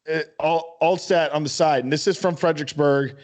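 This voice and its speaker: A man with a slightly higher voice co-hosts a podcast in loose, casual chat. He rambles enthusiastically from one thought to the next and swears freely. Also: fairly even intonation, normal speed, darkish tone. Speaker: podcast co-host.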